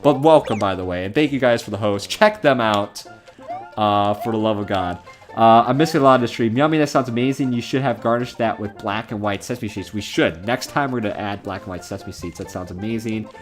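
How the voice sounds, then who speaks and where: A man's voice: on the low side, a little fast, soft background music. A young man streaming a game from home, chatting casually, rambling and laughing as he reads chat comments aloud.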